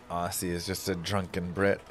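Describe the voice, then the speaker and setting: A man's voice: deep voice, fairly bright tone. A man streaming a game, chatting casually and dryly as he reads viewer messages and muses aloud. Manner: dry, unhurried, musing aloud.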